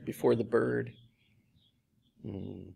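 Brief: male pastor, mid-pitched and gravelly, chatty sermon delivery with slow, emphatic repeats. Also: fairly even intonation, mellow, a little hiss or hum. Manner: conversational, with slow, emphatic repetition.

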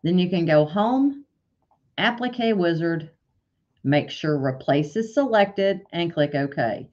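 A woman walking through embroidery software step by step in a tutorial, stopping now and then to correct herself. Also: lowish voice, lively intonation, slow. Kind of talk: screen-share software tutorial. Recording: dull lo-fi sound.

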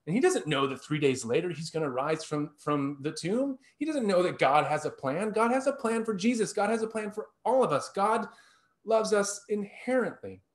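A man in his thirties tells a personal story from the pulpit of a church sanctuary. His voice sits a little high, and he speaks earnestly, with restarts and with rises when he stresses a point. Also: expressive, moderate pace. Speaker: lay preacher.

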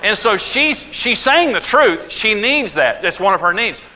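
A man's voice: high voice, unhurried, noisy background. A man teaching on marriage with humor, telling stories and acting out the people in them. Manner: animated storytelling, acting out quoted voices.

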